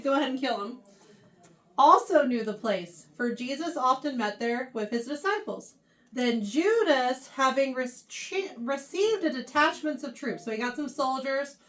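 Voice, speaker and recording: Woman youth bible teacher, high voice, chatty, keeps asking the kids questions, a bit far from the mic. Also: fairly bright tone. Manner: reads scripture aloud then retells it in everyday words. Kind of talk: casual Bible lesson to teens. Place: church. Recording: voice picked up from a distance.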